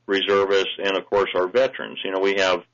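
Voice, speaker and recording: Man, radio guest, lawmaker, earnest, hesitant, lower pitch, dull broadcast sound. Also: completely flat delivery, brisk, a bit bright. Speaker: state representative, guest. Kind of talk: phone-in radio interview.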